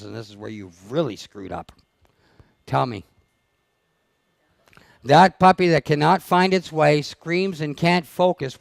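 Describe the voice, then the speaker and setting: A man's voice: mid-range voice, creaky, no room sound. A man leading a dog training seminar, blunt and teasing as he fires questions at his audience. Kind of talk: live seminar talk to an audience. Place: seminar room.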